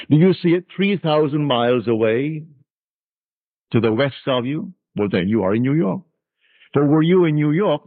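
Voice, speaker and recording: Male spiritual lecturer, husky, emphatic teaching delivery, dry lo-fi archival sound. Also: mid-range voice, no room sound. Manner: emphatic, quotes scripture, teaching. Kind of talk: metaphysical lecture. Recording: tinny archival lecture recording.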